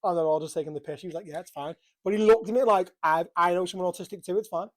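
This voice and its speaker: A man's voice: sits high, very fast. A man co-hosting a podcast, telling stories animatedly with swearing and lots of laughter. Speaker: podcast co-host. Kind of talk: casual banter.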